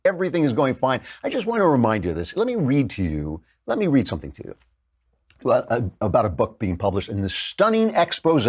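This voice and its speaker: A man's voice: medium pitch, a little fast, slightly rough. A man hosting a political talk show, delivering sarcastic, mocking commentary. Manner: sardonic, mocking, lively.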